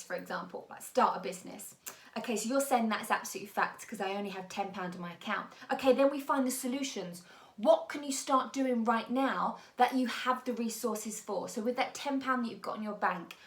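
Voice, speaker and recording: A woman's voice: a little high, a bit bright. A woman, a mindset and business coach, giving blunt, emphatic and encouraging motivational talk to the camera. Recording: echoey room.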